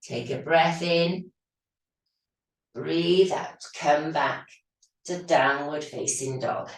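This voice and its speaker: A woman teaching yoga in a slow, low voice that is slightly hoarse from losing it. She gives calm, steady breathing cues. The sound is very echoey and comes from some distance off the mic. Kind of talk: guided yoga instruction.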